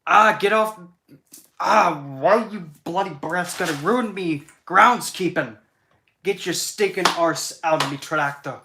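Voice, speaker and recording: A man putting on a boisterous, crude Scottish man in a kilt, speaking in a loud, rough, put-on Scottish brogue. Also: high voice, measured pace, echoey room, background noise, pitched above the performer's own voice. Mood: grumpy.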